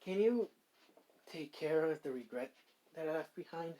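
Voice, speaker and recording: A gentle young woman who speaks softly and thanks those around her, her lines coming out halting and full of restarts. A man reads her in a near-ordinary voice. The delivery sounds like a casual spoken fan story. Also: fairly high pitch, lively intonation, natural voice, rough recording. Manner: halting, with filler words and restarts.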